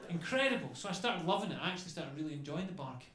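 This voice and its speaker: A man performs stand-up comedy on a club stage, speaking into a handheld mic in a chatty way and tacking "okay?" onto his lines. His fairly high, fairly bright voice races along, and the echoey club carries faint ambience.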